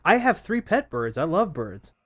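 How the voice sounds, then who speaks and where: A hoarse man streaming a game, chatting casually with viewers in a rambling, self-correcting way. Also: on the high side, big pitch swings, normal speed, fairly bright tone. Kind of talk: casual live-stream chat over gameplay.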